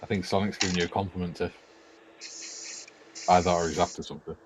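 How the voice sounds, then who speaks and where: A Welsh man from North East Wales co-hosting a casual livestream chat, laid-back and quick to laugh. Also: low-pitched, steady tone, noisy background. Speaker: co-host.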